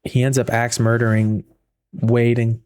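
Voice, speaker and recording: A man's voice: mid-range voice, level tone, unhurried, darkish tone. A man giving a casual spoken book review, retelling the plot in a rambling way with frequent repeats and fillers.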